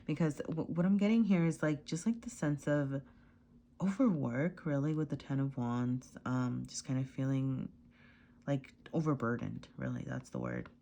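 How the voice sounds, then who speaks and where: Tarot reader, woman, deep low voice, loose and rambling, laughs and apologizes a lot. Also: lively intonation, normal speed, gravelly, warm tone, a little hiss or hum. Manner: rambling, heavy on fillers and "right?". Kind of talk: casual tarot reading. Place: at home with a cat.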